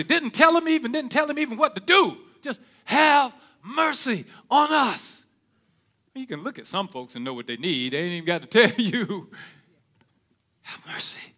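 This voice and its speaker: A man a sermon, dropping to hushed murmurs and then rising to shouted, ringing cries. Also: fairly high pitch. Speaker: preacher.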